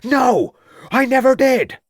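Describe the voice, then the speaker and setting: A man's voice: fairly low pitch, lively intonation, a little fast, a bit bright, dry recording, clean studio sound. A man voicing a surly, aggressive farmer suspect who talks in defiant, ungrammatical rustic speech.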